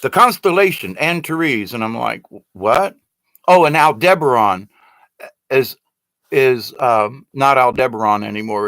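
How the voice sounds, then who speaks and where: A man's voice: mid-range voice, lively intonation, moderate pace, fairly bright tone, dry recording. A man in his sixties from the United States talking in a rambling, casual monologue who keeps getting indignant and exasperated. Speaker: video blogger.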